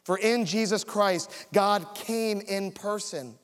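High-voiced pastor in an echoey hall. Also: male voice, takes it slowly, clear, resonant tone. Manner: storytelling, builds to an altar call. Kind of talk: sermon with personal story. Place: church sanctuary.

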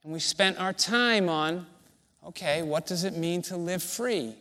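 A male pastor delivering a sermon in a fairly high voice. He speaks slowly and deliberately, leaning on pauses to let each phrase land. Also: pushed and bright. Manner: slow, deliberate preaching with emphatic pauses.

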